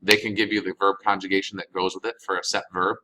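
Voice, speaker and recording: A man with a somewhat low voice teaches a recorded lesson. He reads each phrase slowly and then explains what it means, in a patient, steady classroom manner. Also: noisy background. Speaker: Spanish teacher.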